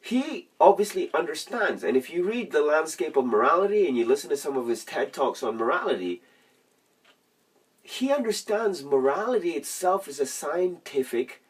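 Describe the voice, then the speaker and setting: A man's voice: medium pitch, breathy edge. A man telling a religious story and ranting in a casual, profane, rambling monologue, laughing mid-sentence. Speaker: religious vlogger. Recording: distant from the mic.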